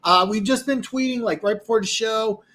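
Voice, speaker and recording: Male streamer, tired and hoarse, rambling, boastful, slightly high voice. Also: moderate pace, a bit bright. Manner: rambling, boastful, many restarts. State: tired, losing his voice. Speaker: host. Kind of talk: live-stream football talk, reading comments.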